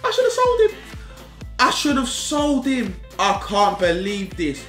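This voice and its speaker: Young guy yelling at a football game, high bright voice, echoey room with music behind. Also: wildly swooping pitch, measured pace. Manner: frustrated, shouts at the game, repeats phrases. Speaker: gaming YouTuber. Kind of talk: live gameplay commentary.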